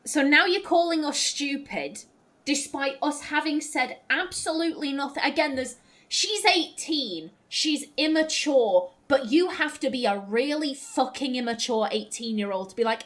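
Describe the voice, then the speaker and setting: A woman's voice: high-pitched, expressive, normal speed, a bit bright. A woman commenting on a video game she is playing, ranting in exasperation and swearing freely. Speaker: let's play host. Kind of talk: gameplay commentary.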